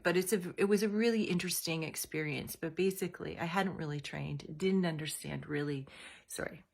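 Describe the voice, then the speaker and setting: A woman in her forties tells a personal story. Her voice sits low and slightly husky. She talks in a casual, confiding way, full of fillers. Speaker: host.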